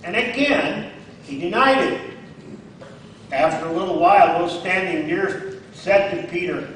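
A man's voice: high voice, unhurried, pauses often, fairly bright tone. A man filling in as preacher, giving a conversational sermon and checking in with his listeners. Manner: conversational, checks in with "all right?"; acts out quoted lines with rising emphasis. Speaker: guest preacher. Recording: very echoey, distant mic, faint noise.

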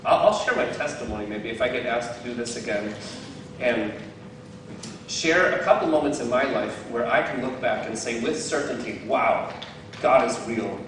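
A man's voice: mid-range voice, moderate pace, noisy background. Playful man talking faith, far off and echoey. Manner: playful and self-mocking, laughs often. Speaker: lay speaker giving a devotional talk. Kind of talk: casual faith talk. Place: outdoors. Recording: very echoey, distant from the mic.

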